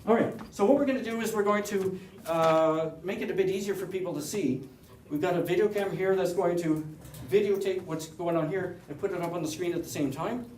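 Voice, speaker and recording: A man with a Canadian accent talks his audience through a hands-on presentation, rambling and joking as he goes. His voice sits a little on the high side. He is picked up from a distance in a reverberant meeting room with a faint hiss underneath. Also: fairly quick, a little mellow. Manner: chatty, rambling, with frequent restarts and joking asides. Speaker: presenter at an astronomy club meeting.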